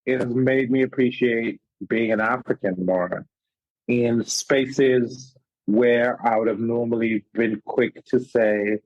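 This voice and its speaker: A man's voice: medium pitch, slow pace, no room sound. Zimbabwean man with a mixed accent. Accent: mixed Zimbabwean and American. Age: young adult. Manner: animated storyteller, stacks repeated starts. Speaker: guest chef. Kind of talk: casual interview chat. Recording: dull, dry lo-fi sound.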